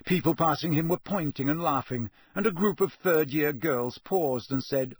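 A man reading a storybook aloud as an audiobook narrator, in a steady, even storytelling manner. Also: a little high, moderate pace, hardly any pauses, husky, no room sound. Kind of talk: scripted narration.

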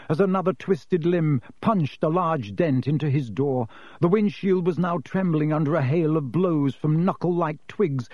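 Man, audiobook narrator, measured storybook reading, slightly high voice, dry, dull lo-fi sound. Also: dry recording.

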